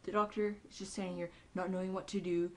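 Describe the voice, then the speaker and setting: A woman with a somewhat low-pitched voice talks through a TV episode in a casual, excitable recap. She is chatty and fills her sentences with ums and likes as she goes. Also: fast. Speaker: TV episode reviewer.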